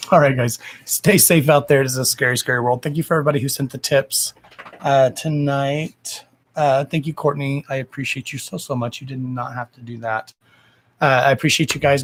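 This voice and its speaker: A man hosting a psychic-medium livestream from home, wrapping up in a chatty, blunt way with some swearing and a lot of affection for his viewers. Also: medium pitch. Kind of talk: casual livestream sign-off chat. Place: at home, indoors. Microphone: camera microphone on a livestream. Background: a dog and faint noise.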